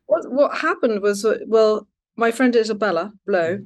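Woman guest, rambling, restarts a lot, mid pitch. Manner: rambling, halting, many restarts. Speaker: interview guest. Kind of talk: casual conversational interview.

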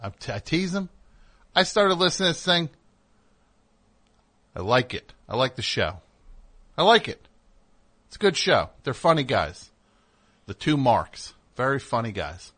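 A man's voice: medium pitch, big pitch swings, normal speed, long pauses, a bit bright. A man hosting a comedic talk show, riffing in a rambling, sarcastic way with plenty of fillers. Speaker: host.

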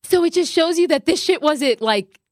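A young woman hosting a casual podcast chat. She talks in an animated way and acts out quotes with big jumps in pitch. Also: normal speed, no room sound, clean studio sound. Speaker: podcast host.

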